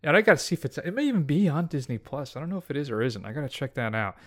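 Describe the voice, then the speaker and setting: A man co-hosting a podcast, talking about favorite film characters in a relaxed, opinionated, dry way. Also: a little high, very fast. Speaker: podcast co-host. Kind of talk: casual film chat.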